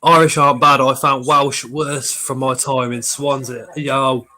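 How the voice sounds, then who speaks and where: Casual male streamer with a cold, bright and sharp voice, chatting and reading chat aloud. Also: medium pitch, level tone, measured pace. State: has a cold. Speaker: livestream host reading chat.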